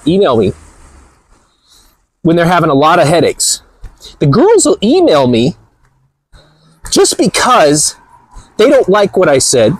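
A man's voice: high voice, dry recording, low-quality recording. A man hosting a motivational vlog, talking energetically and emphatically in a rambling way, recorded at a gym on a clip-on mic. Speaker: channel host. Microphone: clip-on body mic.

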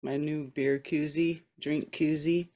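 A woman's voice: low voice, little pitch movement, slow pace, mellow. A woman co-host chatting casually, mostly reacting with short questions. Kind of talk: casual chat.

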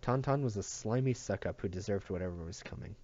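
A man's voice: on the low side, fairly quick, a little mellow, dull audio. A man reading a novel aloud in a plain manner, with occasional slips and restarts. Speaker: audiobook reader.

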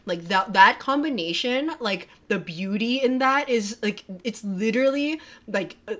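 A woman streamer reacting live in a casual, excitable way, swearing a lot and filling her talk with "like". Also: a little high, measured pace. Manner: gushing and excitable, swears a lot, full of "like" fillers. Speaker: streamer reacting to a music video. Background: music from the video playing.

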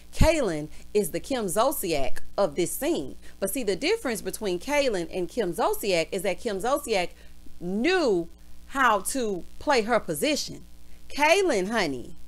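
A woman from the American South, ranting sassily in a casual reality TV recap and calling everyone honey and girl. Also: mid-range voice.

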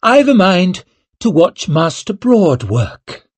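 A man's voice: high-pitched, sing-song, slow pace, husky, no echo, pitched above the performer's own voice, full character voice. A man voicing bitter, defiant noblewoman Savine. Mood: reckless. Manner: wry, defiant, coarse-tongued. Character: young noblewoman, ambitious, bitter and reckless.

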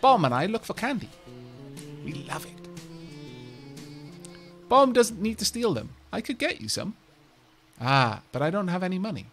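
A sneaky young cat girl stowaway from a video game, as a man reads her lines aloud. She keeps her voice hushed and pleading, then turns playful, with lively swoops of pitch. Soft music sits faintly underneath. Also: normal speed, pauses often, exaggerated voice.

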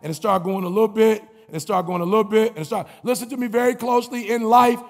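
Guy fired up giving a graduation pep talk, high voice, big echoey hall, bit of music. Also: fast talker, vocal fry. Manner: preacher-like, repeats phrases and builds to shouts. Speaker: commencement speaker. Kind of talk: motivational speech.

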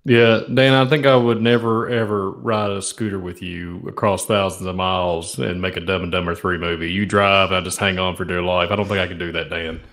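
A man with a somewhat low voice co-hosts a talk radio show. He riffs playfully and keeps the chat light, full of jokey asides. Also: steady tone, fairly quick, hardly any pauses, a bit bright. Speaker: co-host.

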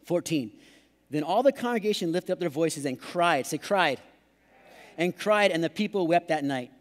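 A man preaches a playful sermon, slipping into put-on voices to mock excuses. His voice sits fairly high. The sound carries the long reverb of a large church hall. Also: animated, moderate pace. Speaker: pastor.

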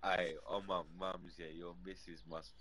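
A low-voiced man chats on a live stream. He sounds rough and coughs now and then, and his talk is slangy and full of swearing. A faint background noise sits under his voice. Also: flat delivery, normal speed. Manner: slangy, swearing, says bro a lot. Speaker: fellow streamer. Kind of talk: casual chat on a live stream.

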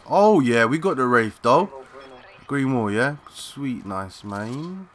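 A young man giving excitable, swearing live commentary while playing a shooter, calling out to teammates in slang. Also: mid-range voice, slow pace, slight background noise. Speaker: gaming channel host.

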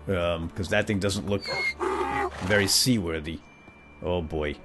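A man's voice: low-pitched, a little slow. A man role-playing a bumbling, self-important knight who chatters at his animal companions in a playful, comic manner. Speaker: role-play gamer narrating in character. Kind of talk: comedic in-character role-play. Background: faint background music.

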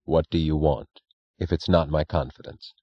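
A man's voice: a bass voice, steady tone, moderate pace, no room sound. A man voicing a hard, terse male industrialist who speaks in a clipped, contemptuous way, in an audiobook reading. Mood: guarded. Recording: dry, dull lo-fi recording.

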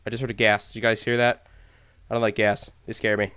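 A man commentating his gameplay in an excited, hyper way, often repeating himself. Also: fairly low pitch, quick pace, clear, resonant tone. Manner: hyper, exclamatory, repeats phrases. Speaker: let's play gamer.

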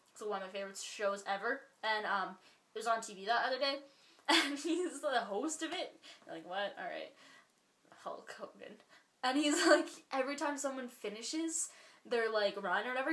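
A Canadian woman vlogging in a loose, rambling chat, filling her talk with likes and ums and breaking into giggles. Her voice is bright and fairly high. The room around her is roomy, with a noticeable echo. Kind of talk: casual chat.

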